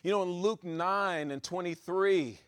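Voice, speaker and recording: A man preaching a sermon, swinging between loud exhortation and quiet asides, driving his points home with repeated rhetorical questions. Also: sits high, a little slow, clear, resonant tone, dry recording.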